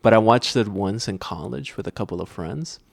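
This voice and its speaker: A man's voice: on the low side, normal speed, creaky, no echo. A young man hosting a podcast in casual chat, rambling with lots of fillers and restarts. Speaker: podcast host.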